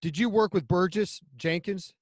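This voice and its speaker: A man's voice: high-pitched, normal speed. A man co-hosting a podcast, chatting casually and asking long, encouraging questions. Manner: encouraging, asks rambling questions. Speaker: podcast co-host. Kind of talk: casual interview chat.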